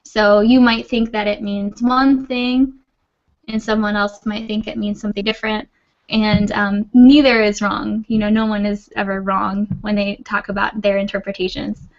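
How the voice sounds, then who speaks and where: A woman's voice: mid-range voice, little pitch movement, moderate pace, lo-fi sound. A woman teaching an English class over a video call, patient and reassuring. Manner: patient, reassuring, laughs often. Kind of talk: online class, friendly explaining.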